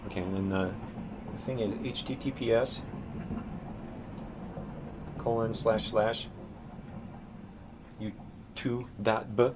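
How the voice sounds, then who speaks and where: A man, a painter, rambling on a live stream and reading his artist statement aloud, swinging from muttering to loud theatrical outbursts. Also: fairly low pitch, steady tone, slow pace, long pauses, noisy background.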